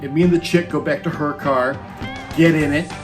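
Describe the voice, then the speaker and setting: A man in his fifties tells a rowdy story in a loose, rambling way and keeps breaking into chuckles. His voice sits a little high for a man. Clear music plays behind him the whole time. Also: fairly even intonation, normal speed. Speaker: former roadie telling tour stories. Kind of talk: casual comic storytelling. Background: music playing under the voice.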